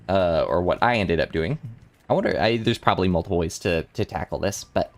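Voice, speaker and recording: A young man on a casual study livestream, working through math problems out loud, rambling and correcting himself as he talks to chat. His voice is still a little rough from the morning. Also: fairly low pitch. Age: young adult. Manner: rambling, self-correcting, chatty with chat readers. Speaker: vtuber math streamer.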